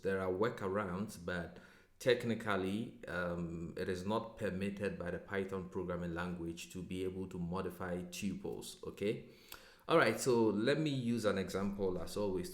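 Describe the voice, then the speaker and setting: A man teaching a programming lesson in a relaxed, explanatory way, often checking in with "okay?". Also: low voice, reverberant. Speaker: programming instructor. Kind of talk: screen-recorded coding tutorial.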